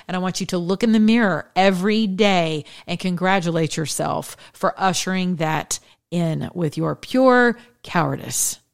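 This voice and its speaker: A woman's voice: fairly low pitch, moderate pace, vocal fry. A woman hosting an opinion podcast, talking in a sarcastic, combative way and laughing often. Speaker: podcast host. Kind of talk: opinion monologue.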